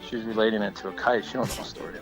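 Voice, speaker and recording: A man's voice: fairly low pitch, fairly even intonation, rapid-fire, faint music behind, poor audio. A man calling in to tell a funny story, laughing as he goes and acting out the people in it. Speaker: caller. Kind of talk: animated storytelling.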